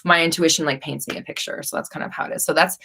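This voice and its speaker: A woman's voice: sits low, steady tone, very fast, creaky, pushed and bright, slightly rough. A young woman hosting a live stream, chatting casually and rambling with many fillers and restarts.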